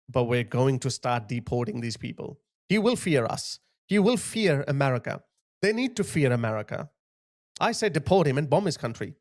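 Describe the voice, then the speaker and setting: A man delivering an opinionated political monologue to his viewers, blunt and emphatic, with quick asides and short chuckles. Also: medium pitch. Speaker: political commentator.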